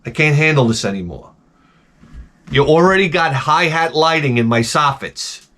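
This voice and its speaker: Fairly high-pitched, expressive, pushed and bright at normal speed, this man hosts a video and rants casually, profanely and with exasperation while telling stories. He jumps into exaggerated character voices in sudden bursts.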